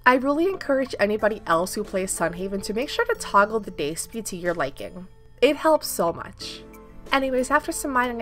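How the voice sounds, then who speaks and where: Bright, upbeat young woman narrating gameplay. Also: fairly high pitch. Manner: upbeat, playful. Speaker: gaming YouTuber. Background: faint background music.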